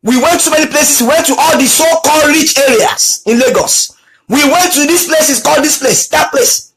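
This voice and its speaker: A middle-aged man preaching, his voice pitched notably high for a man. He tells stories and drives points home by repeating key phrases. Faint noise sits behind him. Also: moderate pace, fairly bright tone, poor audio. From Nigeria. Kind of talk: sermon with storytelling.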